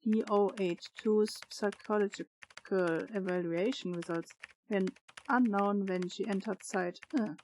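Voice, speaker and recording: A woman's voice: mid-range voice, steady tone, unhurried, a little mellow, a little hiss or hum. A woman gaming streamer reading in-game reports aloud, stumbling over hard words and adding playful asides. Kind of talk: reading game text aloud while playing.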